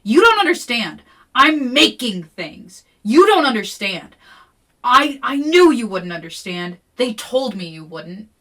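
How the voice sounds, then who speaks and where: Podcaster voicing a bitter strange teen girl, snarls and yells, sharp tone, a bit off-mic. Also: on the high side, animated, moderate pace, distant mic. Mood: yelling. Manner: snarling and yelling. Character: resentful strange teen girl, jealous and hostile.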